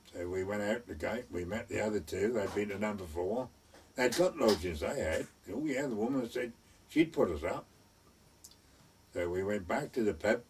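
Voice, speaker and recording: A man's voice: lowish voice, darkish tone, distant mic, a little hiss or hum. An older man telling a wartime story from his youth, chuckling often and acting out the voices of the people he quotes. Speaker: oral history storyteller. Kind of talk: reminiscing anecdote.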